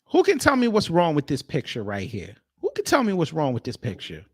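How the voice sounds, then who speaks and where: A man's voice: on the high side, wildly swooping pitch, brisk, husky, dry recording, clean studio sound. A man hosting a livestream, ranting at and mocking the clips he reacts to. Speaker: livestream host.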